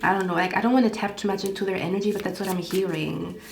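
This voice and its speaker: A woman's voice: medium pitch, fairly even intonation, quick pace, creaky, a little hiss or hum. A woman giving a casual tarot reading, rambling and getting heated, swearing often. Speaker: tarot card reader. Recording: echoey room, faint background music.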